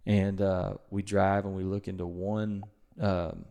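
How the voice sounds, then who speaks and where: A man's voice: deep voice, level tone, unhurried, warm tone, smooth. A young man, hosting a podcast and telling a hunting story in a rambling, self-correcting way. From Mississippi, USA. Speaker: podcast host. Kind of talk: casual storytelling.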